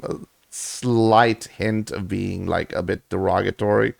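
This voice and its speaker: A man's voice: on the low side, a little slow, vocal fry, no echo, clean studio sound. A man looking back on his own roleplay in a rambling, self-critical commentary. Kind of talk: reflective commentary.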